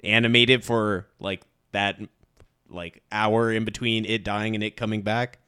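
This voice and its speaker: Wry man with a smooth voice on a podcast. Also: fairly low pitch, level tone, unhurried, sharp tone, no room sound, studio quality. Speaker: podcast co-host. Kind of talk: casual movie review chat.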